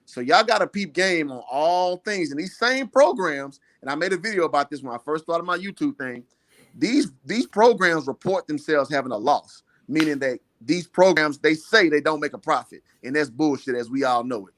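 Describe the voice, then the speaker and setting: A man's voice: a little high, expressive, normal speed, fairly bright tone, no echo. A man in casual debate, rambling and profane, with many fillers.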